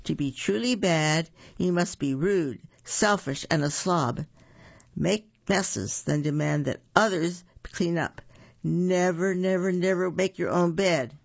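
Reader plays snapping, lecturing wicked stepmother, gravelly, storybook. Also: medium pitch, takes it slowly. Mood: snappish. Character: bossy wicked stepmother teacher. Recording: dull lo-fi recording.

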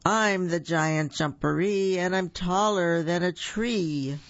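Reader doing a big scary burrow monster, slow and loud, dull old-sounding recording. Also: mid-range voice, no room sound. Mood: booming, menacing. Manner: slow, loud, sing-song rhymes. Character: scary unseen boastful creature in a burrow.

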